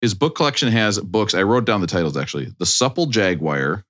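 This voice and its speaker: A man with a low, bright voice tells a story on a podcast in loose, chatty style. He acts out the lines of the people in it as he goes. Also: brisk. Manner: animated, acts out quotes from people in his stories. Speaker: podcast host. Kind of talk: casual storytelling chat.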